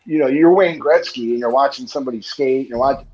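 A man's voice: mid-range voice, quick pace, a little mellow, lo-fi sound. A man co-hosting a podcast in casual chat, rambling with lots of fillers. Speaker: podcast co-host.

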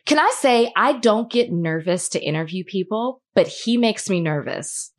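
A woman's voice: mid-range voice, animated, normal speed. A woman co-hosting a podcast in casual chat, talking in a chatty way with many fillers. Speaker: podcast co-host and entertainment interviewer.

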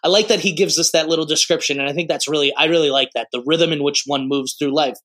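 A man's voice: a little high, fast, a bit bright. A man in his late twenties co-hosting a podcast, chatting casually about a movie and acting out quotes in raised voices. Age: 20s. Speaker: podcast co-host.

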